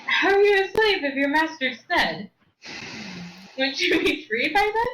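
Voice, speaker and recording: Woman player, high bright voice, very animated, roomy sound with faint hiss. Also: unhurried. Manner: lively, exasperated and laughing. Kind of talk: tabletop role-play.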